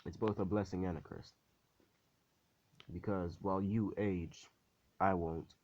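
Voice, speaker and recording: A man doing a calm, solemn young hero. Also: low-pitched, unhurried, muffled recording, a little hiss or hum. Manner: flat, matter-of-fact and solemn.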